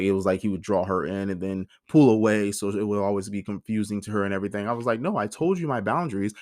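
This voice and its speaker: A man's voice: fairly low pitch, dry recording, clean studio sound. Blunt, profane man in his thirties. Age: 30s. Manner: emotional, profane, blunt storytelling with quoted dialogue. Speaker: podcast host. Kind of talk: personal storytelling monologue.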